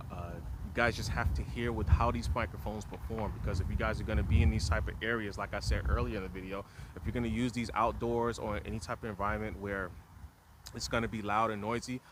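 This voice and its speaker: Man talking loudly outdoors in wind. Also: on the low side, steady tone, a little fast. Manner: talks loudly to be heard over wind. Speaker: vlogger testing microphones. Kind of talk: casual outdoor vlog. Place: outdoors in strong wind near a tripod. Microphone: camera mic held at arm's length. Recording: loud wind noise outdoors.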